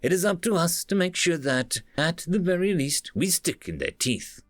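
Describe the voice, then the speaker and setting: A man's voice: on the high side, big pitch swings, moderate pace, no echo, studio quality, faint music behind, pitched above the performer's own voice. A man voicing a blunt, commanding starship captain who gives firm, clipped orders in a raised voice.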